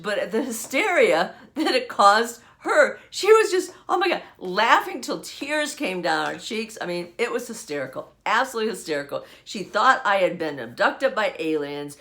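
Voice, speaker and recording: Older woman host, animated storyteller, very lively pitch, laughs a lot. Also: unhurried. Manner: animated, laughs often while telling. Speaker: podcast host. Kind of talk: casual storytelling. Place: at home.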